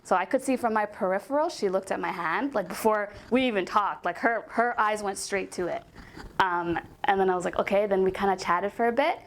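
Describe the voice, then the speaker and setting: A woman's voice: medium pitch, a little fast. A young woman telling a casual storytime about a coworker, chatty and full of "like" and "um" fillers.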